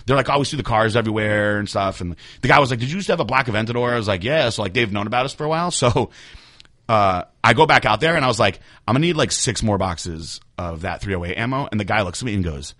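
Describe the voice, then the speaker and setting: A man co-hosting a casual podcast, telling animated stories, swearing freely and acting out what others said. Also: lowish voice, fast talker. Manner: animated storyteller, swears freely, acts out quotes. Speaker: podcast co-host. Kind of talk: casual chat.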